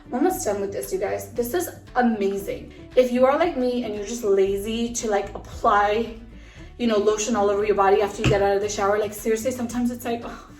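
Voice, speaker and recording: A woman's voice: medium pitch, brisk, a little mellow, far from the mic, soft background music. Breathless chatty young woman, echoey room. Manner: chatty, upbeat, many fillers. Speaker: vlogger. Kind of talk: casual chat to a phone camera. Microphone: phone camera.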